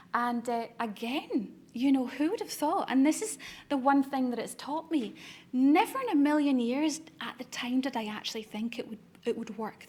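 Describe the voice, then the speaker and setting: A middle-aged woman giving a masterclass talk, telling lively anecdotes and acting out the voices of people she quotes. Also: on the high side, slightly rough. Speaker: business speaker.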